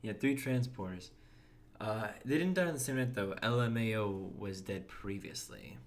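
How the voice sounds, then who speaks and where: Low-voiced man streaming a game. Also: normal speed. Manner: chatty, reads and answers chat, restarts words. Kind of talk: casual gameplay commentary.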